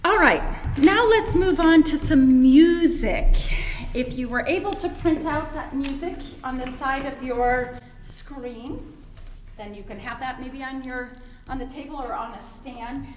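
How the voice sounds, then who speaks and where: A woman's voice: high-pitched, unhurried, reverberant, long reverb tail, a little hiss or hum. A woman presenting a webinar on choral conducting, explaining and demonstrating vowel sounds with frequent fillers. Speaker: choir conductor and workshop presenter. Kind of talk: webinar teaching.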